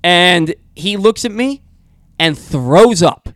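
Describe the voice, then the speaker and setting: A male talk radio host telling a long, animated story in a rambling, casual way with frequent restarts. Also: high-pitched, slow, no room sound, clean studio sound.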